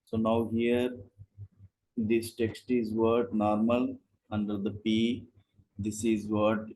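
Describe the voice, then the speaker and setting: A man's voice: on the low side, level tone, slow, dark tone, rough recording. A man teaching a live online coding class, explaining in short steps and asking rhetorical questions. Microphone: video call.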